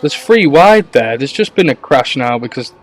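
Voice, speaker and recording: A man's voice: mid-range voice, big pitch swings, normal speed, over music. A man, the league's owner, giving chatty live commentary on a sim race and talking to viewers and his co-host.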